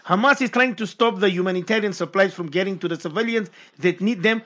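A man's voice: high voice, fast talker, sharp tone, lo-fi sound. A man hosting a Q&A show, reading listener questions aloud and affirming the guest with short interjections. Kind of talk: Q&A on a talk show.

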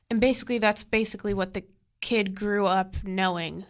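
A woman's voice: mid-range voice, a little fast. A woman in a casual podcast chat, summarizing a film plainly and matter-of-factly, with frequent fillers.

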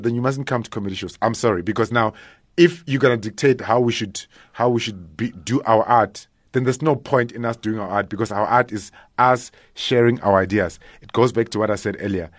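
A man, a stand-up comedian talking casually in a radio interview, animated and often laughing. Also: mid-range voice, dry recording, clean studio sound. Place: radio studio.

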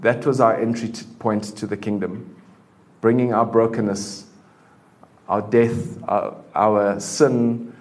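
A man preaching a sermon in a church in a relaxed, conversational way, full of fillers. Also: lowish voice, slow. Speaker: pastor.

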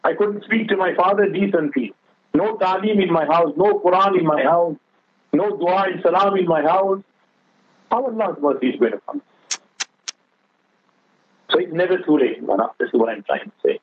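A man's voice: sits high, animated, normal speed, long pauses, breathy edge, no echo. A man giving an earnest religious talk on a radio show, urging listeners and telling a moral story. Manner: earnest, exhorting, addresses the other speaker as Maulana; tells a moral story with quoted dialogue. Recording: phone line on radio.

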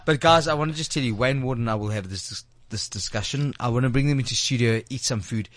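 A man's voice: medium pitch, fast talker, a bit bright. A man hosting a radio talk show, chatting casually and raving enthusiastically. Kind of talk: casual banter.

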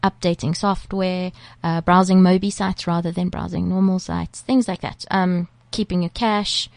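A woman co-hosts a radio tech chat in the studio and readily agrees with the host. Her voice is a little lower than most women's. It is recorded close and dry, with no room sound. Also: fairly even intonation, vocal fry, darkish tone, dry recording. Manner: agreeable, quick to back up the host. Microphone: studio microphone.

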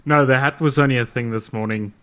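A man's voice: mid-range voice, quick pace, a bit bright. Male co-host, sheepish, hesitant, casual chat. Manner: sheepish, self-deprecating, hesitant with ums. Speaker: podcast co-host.

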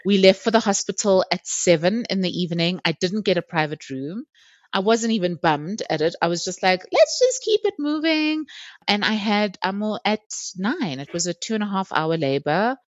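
A woman tells a personal story as a podcast guest. She is candid and lively, and she laughs often. The recording is dry and a little dull. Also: lowish voice, normal speed, dry recording. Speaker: interview guest.

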